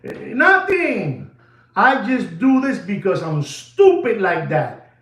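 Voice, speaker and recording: A man hosts a live watch-sale stream in a high, lively voice that swoops up and down. He rambles and hammers his points by repeating phrases again and again. The sound is roomy, with a clear echo. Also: slow. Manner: emphatic, repeats phrases over and over.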